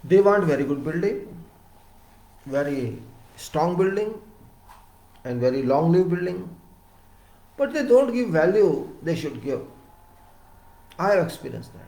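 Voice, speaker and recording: In a slightly high voice, a man with an Indian English accent gives an emphatic lecture-style talk on civil engineering, repeating words as his voice climbs loud and falls quiet. Poor audio captures an echoey room.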